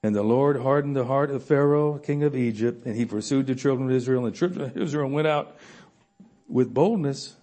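A man preaching a sermon in a church room, animated, swinging between loud emphasis and soft asides with frequent chuckles. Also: medium pitch, fairly quick.

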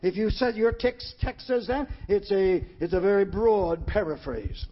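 A man preaching a sermon in a church, emphatic and rising to shouts on key phrases. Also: extremely high pitch, normal speed, hardly any pauses. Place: church hall. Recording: dull lo-fi sermon recording.

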